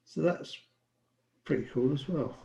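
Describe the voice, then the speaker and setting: A man's voice: on the high side, a little slow, creaky, warm tone, echoey room. A man casually explaining diagrams to friends and tripping over French terms. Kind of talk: casual group chat over a shared screen.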